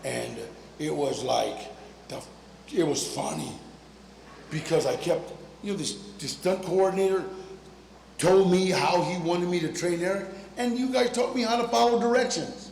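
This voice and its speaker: High-voiced older man telling street stories. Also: normal speed, gravelly. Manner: animated, streetwise, slangy, laughs often. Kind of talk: personal storytelling to an audience. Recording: echoey hall, faint room noise.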